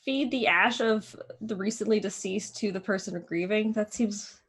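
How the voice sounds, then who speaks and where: A woman playing her character in a tabletop game, deadpan and questioning. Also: mid-range voice, normal speed, breathy edge. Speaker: player.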